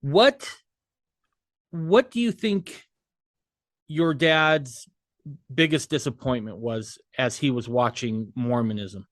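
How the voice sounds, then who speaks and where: A man hosting a podcast, asking questions in a relaxed, curious way. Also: mid-range voice, takes it slowly, long pauses, no echo, clean studio sound. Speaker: podcast host. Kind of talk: casual interview chat.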